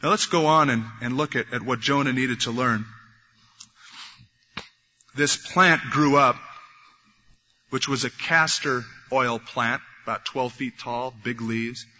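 A man preaching a sermon, animated, acting out the voices of biblical figures as he goes. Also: mid-range voice, takes it slowly, long pauses. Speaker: pastor. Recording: dull lo-fi recording in a reverberant hall.

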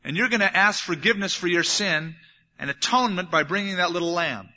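A man preaching from the pulpit, voice bright and a touch high. He tells stories and acts out little scenes to make his point. The recording sounds dull and lo-fi. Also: brisk, in a large hall. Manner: animated storytelling, acting out little scenes. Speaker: pastor. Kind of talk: sermon.

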